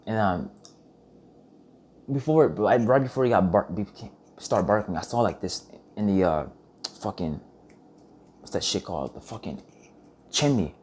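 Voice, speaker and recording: A young man with a very low voice tells a story in a loose, rambling vlog monologue. He swears often and keeps restarting his sentences as he goes. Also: moderate pace, pauses often, a little hiss or hum. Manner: rambling, profane, animated retelling with restarts. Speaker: vlogger.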